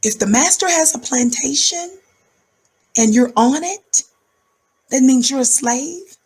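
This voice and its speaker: Woman commentator, high-energy preacher cadence, husky voice, pitched a bit high. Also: animated, slow pace, darkish tone. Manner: emphatic, rhythmic, repeats words for effect; calls herself high-energy. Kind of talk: fiery preaching-style commentary.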